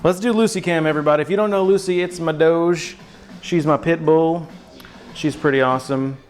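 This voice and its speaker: A man's voice: fairly high pitch, steady tone, a little fast, soft background music, rough recording. A man hosting a cooking livestream from his home kitchen, chatting to viewers in an upbeat, slangy, self-deprecating way. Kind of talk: casual livestream chat while cooking.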